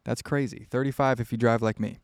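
A man's voice: medium pitch, steady tone, a little fast, no room sound, clean studio sound. A young man from Ohio hosting a casual solo podcast, answering listener questions in a candid, rambling way with lots of fillers. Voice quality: gravelly.

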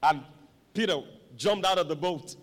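A man preaching a sermon, dramatic and animated, with call-and-response to the congregation. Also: on the high side, moderate pace. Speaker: pastor. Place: church hall. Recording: long echo of a large hall.

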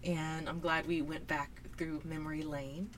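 A woman's voice: low-pitched, little pitch movement, measured pace, slight background noise. A woman hosting her podcast, chatting casually and reflectively with her husband, laughing often. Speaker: podcast host.

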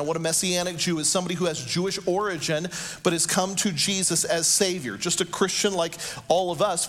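A man preaching a sermon as pastor, slowing down and rising in pitch and volume for shouted quotes.

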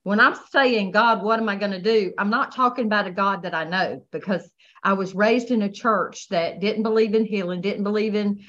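A woman telling a painful personal testimony in a halting way, full of restarts and pauses. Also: mid-range voice, a bit bright, muffled recording. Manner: halting, many restarts and "you know". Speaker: guest sharing her testimony.

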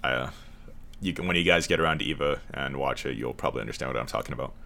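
Male co-host, very deep voice, rambling profane casual chat. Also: very fast, vocal fry, bright, forceful tone, a little hiss or hum.

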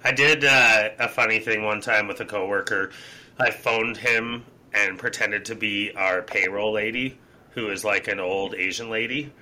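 A man chatting casually on a podcast, telling animated stories and slipping into put-on voices. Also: on the low side, moderate pace, low-quality recording. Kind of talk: casual chat.

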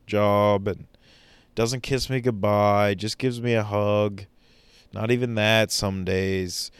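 A man's voice: fairly low pitch, smooth, no room sound. A man doing a rambling comic monologue, ranting in an exaggerated way and tossing questions at his listeners.

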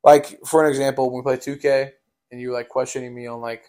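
A man's voice: mid-range voice, flat delivery, quick pace, a little mellow. Rambling young man telling a story. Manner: rambling, many fillers like "like" and "um". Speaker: podcast host telling a story. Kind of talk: casual storytime chat.

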